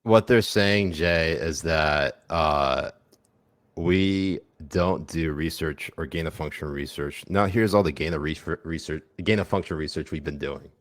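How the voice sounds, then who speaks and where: A man hosts a casual comedy podcast, speaking in a deep, low register. His delivery is loose and jokey, and his sentences trail off into fillers. The sound is dry and close. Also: unhurried, no room sound. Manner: joking, loose, many fillers. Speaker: podcast co-host.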